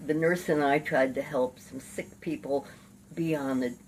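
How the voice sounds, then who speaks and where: Low-voiced older woman telling stories. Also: a little slow, recorded from a distance, slight background noise, low-quality recording. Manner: lively raconteur, laughs and curses while acting out scenes. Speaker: lawyer and activist. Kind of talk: oral history storytelling.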